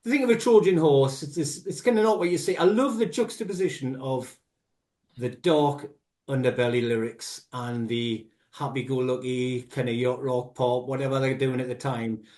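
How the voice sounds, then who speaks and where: A man co-hosting a casual music podcast, giving long, rambling, animated explanations full of asides. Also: mid-range voice, normal speed. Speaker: podcast co-host. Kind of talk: casual music review chat.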